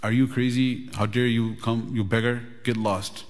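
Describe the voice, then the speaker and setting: A man's voice: medium pitch, steady tone, normal speed, lightly acted. Hostile male palace guard, threatening, a man acting it out, reverberant. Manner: scolding, threatening.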